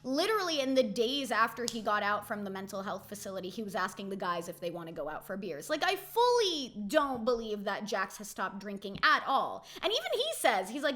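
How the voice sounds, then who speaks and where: A woman's voice: fairly high pitch, big pitch swings, moderate pace, few pauses, pushed and bright. Chatty woman recapping reality TV. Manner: chatty, opinionated, heavy use of "like". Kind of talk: casual episode recap.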